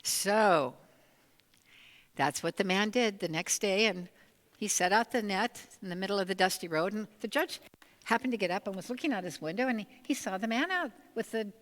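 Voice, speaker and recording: A woman minister telling a story during a sermon in a church sanctuary, in a lively and expressive way. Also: mid-range voice, normal speed. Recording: long reverb of a large hall.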